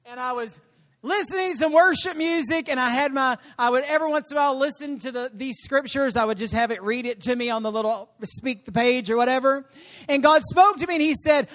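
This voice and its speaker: A woman guest preacher delivering an animated sermon, calling for responses from the congregation. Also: sits high, fairly quick. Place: church service.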